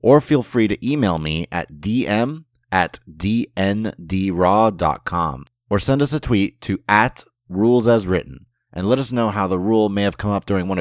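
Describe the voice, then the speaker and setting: A man hosting a podcast, reading the show's announcements in a steady, scripted way. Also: fairly low pitch, no echo, studio quality. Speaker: podcast host. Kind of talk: scripted outro.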